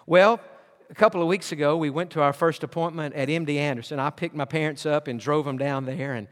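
A man, a pastor, telling a personal story in a sermon, earnest and animated, acting out the dialogue. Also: on the high side, a little fast. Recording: long hall reverb.

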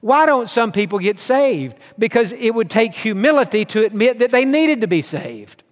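A man's voice: very high voice, sing-song, moderate pace, big-room sound. A man preaching a sermon with earnest emphasis, reading scripture aloud and driving his points home. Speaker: pastor.

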